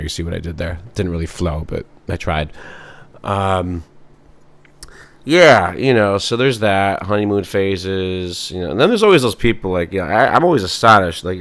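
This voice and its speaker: A man's voice: low-pitched, fairly bright tone. A man hosting a podcast in a rambling, sardonic comic monologue full of fillers. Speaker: podcast host.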